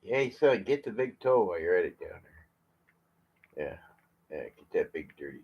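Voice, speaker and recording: A man from California on a live vlog, chatting from his chair at home in a slow, rambling way, full of fillers and restarts. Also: sits low, big pitch swings, vocal fry, slightly rough. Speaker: vlogger. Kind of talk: rambling live-stream chat. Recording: slightly muffled lo-fi audio.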